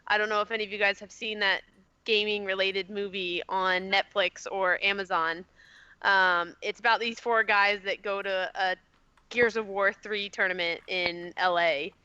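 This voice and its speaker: A woman's voice: medium pitch, fairly even intonation, moderate pace, sharp tone, clear, resonant tone, no room sound, lo-fi sound. A woman from Indiana telling a long rambling story on a casual podcast, with lots of fillers and giggles. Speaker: podcast co-host.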